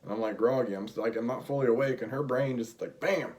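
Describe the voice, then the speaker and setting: Sounding tired, a co-host chats casually with his partner at a quick pace, spinning jokey stories and mimicking her voice. His voice sits in the mid-range with a darkish tone.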